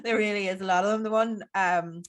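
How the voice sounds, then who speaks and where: A woman's voice: mid-range voice, fairly even intonation, brisk. Chatty Northern Irish woman host. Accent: Northern Irish, Tyrone border. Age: young adult. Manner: laughs often, chatty, local expressions. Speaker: podcast host and strongwoman. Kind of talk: casual interview chat.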